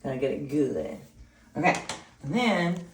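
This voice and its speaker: Rambling, giggly woman with a low voice, recorded at a distance in a reverberant room. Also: lively intonation, measured pace, slight background noise. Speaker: vlogger. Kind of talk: casual hair tutorial. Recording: roomy sound, distant from mic.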